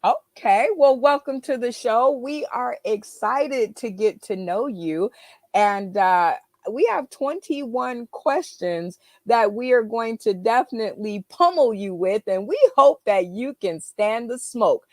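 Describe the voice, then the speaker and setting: A woman hosts a casual interview show, upbeat and quick to laugh, stumbling now and then on fillers. Her voice sits a little high, and the sound is close and dry with no room echo. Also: expressive. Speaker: talk show host.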